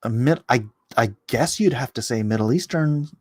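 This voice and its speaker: A middle-aged man holds forth in a loose, rambling livestream monologue. His pitch sits mid-range and leaps upward when he turns indignant. The sound is close and dry, with little room around it. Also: moderate pace, dry recording. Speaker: livestream host. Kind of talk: casual opinion monologue.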